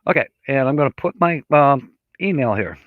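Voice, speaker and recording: A man's voice: medium pitch, lively intonation, no room sound. A man hosting a casual live stream, chatting in a rambling, easygoing way and reading out viewer comments. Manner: slow, easygoing delivery with many fillers. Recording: dull lo-fi sound, dry room.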